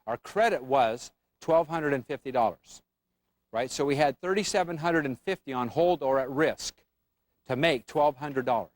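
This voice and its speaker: A man's voice: mid-range voice, normal speed. A man teaching an options trading class, quizzing the room with frequent questions. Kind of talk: classroom lecture.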